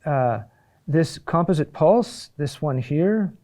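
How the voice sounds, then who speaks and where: Monk teaching chant, mellow voice. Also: male voice, fairly high pitch, lively intonation. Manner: explains in short phrases with many "uh"s and asides of "huh?"; sings chant phrases slowly in Latin. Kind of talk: chant lesson.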